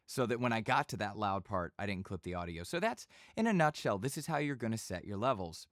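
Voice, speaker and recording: A man giving a casual voice-over tutorial in a home studio, speaking in a relaxed conversational tone into a studio microphone. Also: lowish voice, brisk, no room sound. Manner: relaxed conversational teaching, occasional bursts of yelling demos. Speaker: voice-over instructor.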